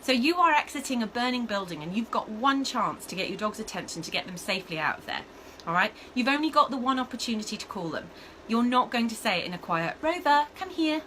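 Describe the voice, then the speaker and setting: A woman, a dog trainer giving a casual lesson to camera, chatty and animated, checking in often with "okay?" and "all right?". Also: a little high, fast talker, slight background noise, poor audio. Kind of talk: casual instructional talk to camera.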